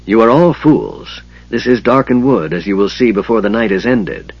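A man's voice: on the low side, lively intonation, lo-fi sound. A man voicing a sardonic hissing mage. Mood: scornful. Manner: disdainful, slow, quiet hiss. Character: frail sardonic male mage, cold and hissing.

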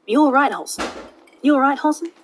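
A woman's voice: sits high, expressive, fairly quick, a little hiss or hum, voice pushed up. A woman voicing a friendly male wizard in a light, conversational tone, close to her own voice.

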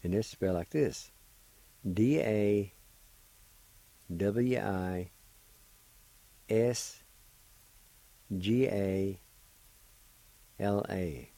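Spelling out each word and saying it slowly, syllable by syllable, a middle-aged radio teacher leads a language lesson. He has a fairly low, warm voice, and there's no echo.

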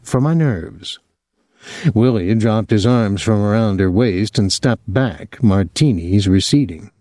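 A man narrating a novel as an audiobook in a measured, expressive storytelling voice, on a close microphone. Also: lowish voice, dry recording. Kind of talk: scripted narration.

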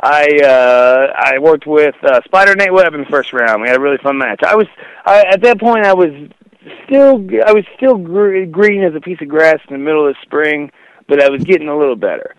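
A man's voice: on the high side, expressive, brisk, smooth, dry recording, poor audio. A young man, a wrestler guest, telling stories in a casual interview, rambling with lots of fillers and "dude".

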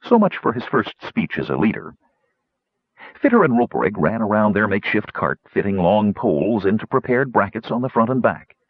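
A man narrating an audiobook in a measured, expressive storytelling manner. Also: on the low side, breathy edge, no echo. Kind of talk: scripted narration. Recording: dull, dry recording.

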